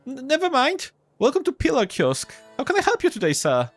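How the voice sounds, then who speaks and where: A man's voice: very high-pitched, huge pitch swings, fairly quick, soft background music, pitched above the performer's own voice, full character voice. A man voicing a nervous young newsstand boy who stammers and sounds jittery.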